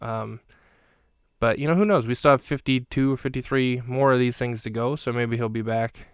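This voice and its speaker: Crisp, dry-voiced man recapping a film. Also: medium pitch, normal speed, no echo. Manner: chatty, rambling, dry jokes. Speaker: podcast host recapping a film. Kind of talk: casual film recap commentary.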